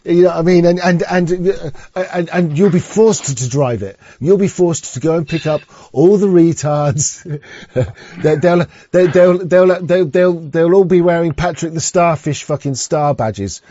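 A man's voice: fairly high pitch, a little slow, dark tone, no echo. A man hosting a casual talk show who rambles, swears and often restarts his sentences. He sometimes reads text aloud. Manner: rambling and profane, with frequent restarts. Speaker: podcast host. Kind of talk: casual chat and reading aloud. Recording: dull, dry lo-fi recording.

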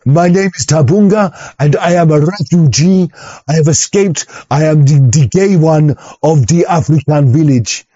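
A man voicing a stiff, overly formal young man who speaks slowly and stutters, on dull muffled audio. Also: on the high side, warm tone, dry recording. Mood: stilted. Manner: stilted, stuttering, slow.

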